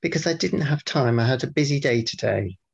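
A man co-hosting a podcast, bantering casually and reading out mock-formal feedback in a dry, deadpan way. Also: mid-range voice, a little fast. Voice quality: gravelly, husky. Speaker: podcast co-host. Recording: dull lo-fi podcast audio.

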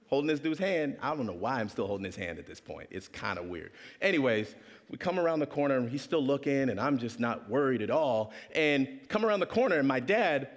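A man's voice: medium pitch, sing-song, quick pace, big-room sound. A man preaching a storytelling sermon, acting out the voices of the people in his story. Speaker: pastor.

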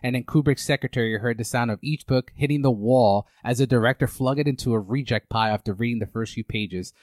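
A man's voice: mid-range voice, quick pace, darkish tone, no room sound. Dry-voiced rambling podcast host man. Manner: rambling, lots of fillers and restarts. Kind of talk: casual chat and movie recap.

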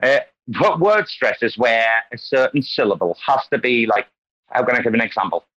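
A man's voice: medium pitch, expressive, normal speed, fairly bright tone, lo-fi sound. A man hosting an online community call, talking casually and animatedly as he wanders into tangents and lectures about word stress. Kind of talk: casual group call chat.

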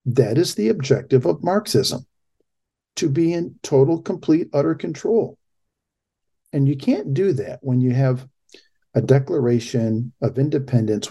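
A man's voice: medium pitch, mellow, husky. A middle-aged man hosting a talk show, giving impassioned, emphatic political commentary.

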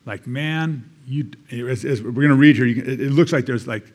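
A man's voice: mid-range voice, fast talker, a little mellow. An American man, a church elder, giving a conversational sermon, reading scripture aloud and adding casual asides.

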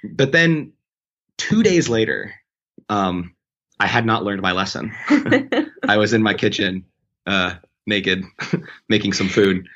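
A man with a low voice tells a long personal story in a relaxed, conversational way. He trips over his words and restarts his sentences often. The recording sounds dull and muffled. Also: takes it slowly, pauses often. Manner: rambling, self-correcting, animated when quoting. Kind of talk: casual anecdote.

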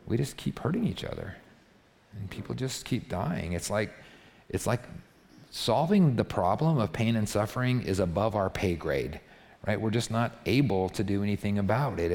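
Animated preacher in an echoing hall. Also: male voice, fairly low pitch. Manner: conversational, building to impassioned rhetorical questions. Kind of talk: sermon. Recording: long reverb of a large hall.

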